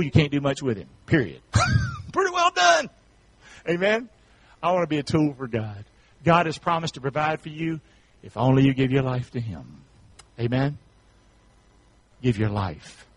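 High, lively preacher man. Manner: call-and-response preaching, rising to repeated shouted questions. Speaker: pastor. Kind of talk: sermon.

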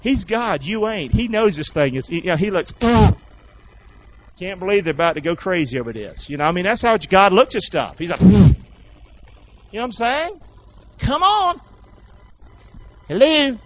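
A man preaching a sermon in a folksy, call-and-response way, swinging between shouted lines and low asides. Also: animated, fairly quick, highs cut off. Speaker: pastor.

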